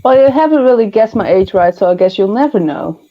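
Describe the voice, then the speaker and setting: A woman's voice: medium pitch, animated, brisk. Dutch-raised streamer woman, chatty, giggles through her anecdotes, muffled lo-fi audio. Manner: laughs often while telling stories. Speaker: stream host. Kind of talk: casual chat. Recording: dull lo-fi sound.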